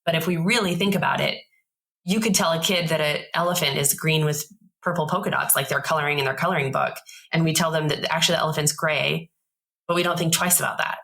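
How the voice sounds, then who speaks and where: A woman in her thirties, a podcast guest telling a story in a casual, animated way and acting out the voices of the people in it. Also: low voice, fast talker, gravelly, low-quality recording.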